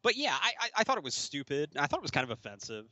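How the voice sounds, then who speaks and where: A man's voice: fairly high pitch, wildly swooping pitch, racing, sharp tone, no echo, highs cut off. A man hosting a podcast in casual chat, rambling and laughing often. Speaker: podcast host.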